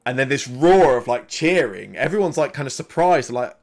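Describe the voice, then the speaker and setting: A man's voice: mid-range voice, expressive, moderate pace, gravelly, a little mellow. A man running a live tabletop game as game master, narrating in a loose, conversational way with plenty of ums and likes.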